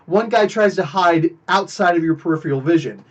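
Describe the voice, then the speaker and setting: Host, male, higher register than most men, animated and emphatic in an offhand live-stream storytelling style. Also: brisk, lo-fi sound. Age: adult, married. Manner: animated, emphatic retelling of a confrontation. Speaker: podcast host.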